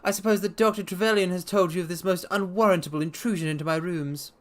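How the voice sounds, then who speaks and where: A reader putting on a jittery, high-voiced sickly man. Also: fairly even intonation, natural voice. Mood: nervous. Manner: anxious, pleading, hurried. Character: nervous flabby sickly middle-aged man.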